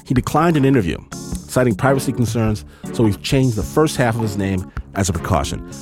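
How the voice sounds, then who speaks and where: A man's voice: mid-range voice, expressive. Man hosting a radio show over music. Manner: measured, smooth delivery of credits and teasers. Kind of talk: scripted radio narration.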